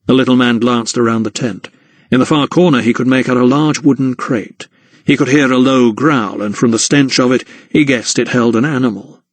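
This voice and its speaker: A man narrating a historical mystery audiobook in a measured storytelling manner. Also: medium pitch, fairly even intonation, dry recording. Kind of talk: scripted narration.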